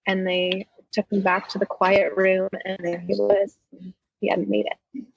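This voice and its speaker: A woman's voice: medium pitch, level tone, gravelly, a little hiss or hum. Woman telling a painful story, muffled. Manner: halting, heartfelt retelling with restarts. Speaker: podcast guest. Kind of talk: emotional personal storytelling.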